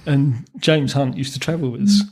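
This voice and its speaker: A man's voice: mid-range voice, steady tone, normal speed, a little mellow, slightly rough. A man, a former racing mechanic telling anecdotes as a podcast guest, chuckling through his stories with frequent ums and restarts. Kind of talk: storytelling in a podcast interview.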